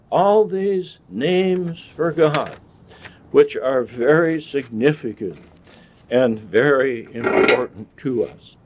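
A man gives a Bible lesson in a sermon style, speaking slowly and deliberately and pausing over each point. He talks like a teacher and asks his class questions. The recording is dull and lo-fi, and his voice sits at a middle pitch.

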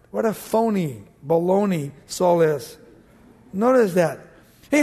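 High-voiced preaching man in a reverberant hall. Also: gravelly. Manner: emphatic, animated preaching. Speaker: pastor. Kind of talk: sermon. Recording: long reverb of a large hall.

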